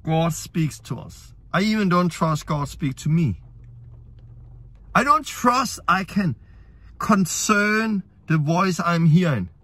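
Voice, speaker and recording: High-voiced male preacher. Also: fairly bright tone, dry recording. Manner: earnest, plain-spoken preaching in imperfect English. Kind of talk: sermon.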